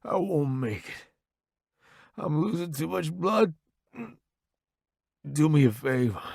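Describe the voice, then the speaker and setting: A man voicing a dying young soldier who begs in a weak, slow, pleading voice. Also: fairly high pitch, expressive, gravelly, a little mellow, dry recording, studio quality, voice pushed up, full character voice. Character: dying young male soldier, begging and fading.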